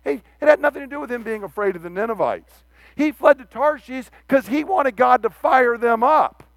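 A man preaching a sermon, animated, acting out the quoted speech of the figures he reads about. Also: extremely high pitch, moderate pace, dry recording.

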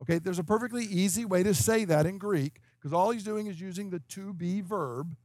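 A man in his fifties with a fairly high voice, recorded dry and close, preaching an expository sermon. He explains point by point and keeps asking his hearers "okay?". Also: a little fast, a little mellow, no echo. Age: 50s. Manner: emphatic, explanatory, checks in with "okay?". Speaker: preacher teaching scripture.

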